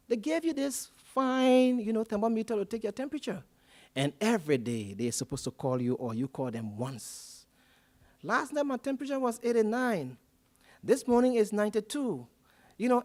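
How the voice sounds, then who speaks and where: A man's voice: extremely high pitch, moderate pace. A man from Liberia, telling a personal story as a panel speaker at a public forum and acting out the conversations in it. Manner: animated storyteller acting out quoted dialogue.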